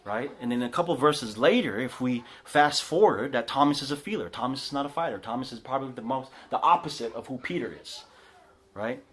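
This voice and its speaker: Casual, animated preacher man. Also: medium pitch, fairly quick. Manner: casual, animated, tags lines with "right?", many restarts. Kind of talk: conversational sermon. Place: house church living room.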